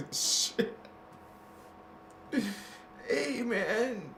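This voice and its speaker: A man who hosts a spiritual video channel talks casually and jokingly, using crude slang and laughing at his own jokes. His voice sits high with big pitch swings, very slow and fairly bright, and the recording has a roomy echo with faint noise.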